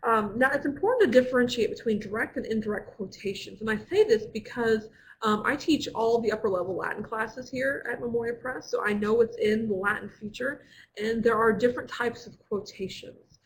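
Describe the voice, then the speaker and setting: A woman's voice: fairly high pitch, brisk, slight background noise, rough recording. A woman teacher explaining Latin grammar in a live online class, patient and careful, with frequent filler words.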